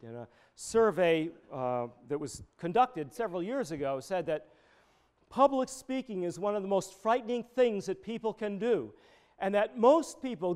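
Middle-aged male pastor, high clear voice, chatty storytelling sermon. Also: darkish tone. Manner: conversational, digressive with personal stories.

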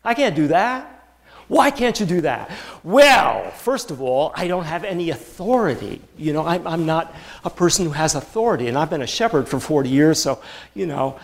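A reluctant prophet stammers and pleads one excuse after another, as a male preacher acts him out. His voice sits fairly high and hesitant, barely changed from plain talk. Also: sing-song, moderate pace, vocal fry. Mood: pleading.

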